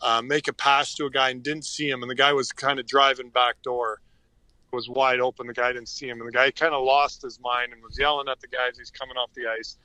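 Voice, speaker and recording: Man, middle-aged, podcast guest, earnest rambling anecdotes, bright voice, dry sound. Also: medium pitch, flat delivery, a little fast, no room sound. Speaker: podcast guest, former hockey player. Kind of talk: casual interview storytelling.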